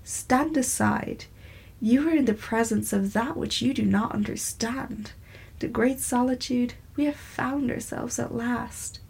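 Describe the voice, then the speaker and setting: A woman voicing an impassioned young gentleman in love, speaking in a lofty, defiant way. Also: fairly high pitch, unhurried, vocal fry, husky, exaggerated voice.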